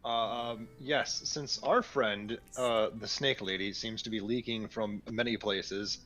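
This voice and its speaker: Slow-talking man playing a tabletop game. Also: fairly low pitch, fairly even intonation, a bit bright, lo-fi sound, faint music behind. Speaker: player. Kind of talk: casual tabletop play.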